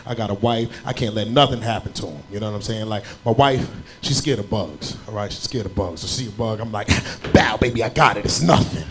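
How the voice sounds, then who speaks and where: A young man from New Jersey doing a stand-up comedy set, an animated storyteller who jumps into loud shouted bits. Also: on the low side, brisk, few pauses, a little hiss or hum. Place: comedy club stage with audience laughter.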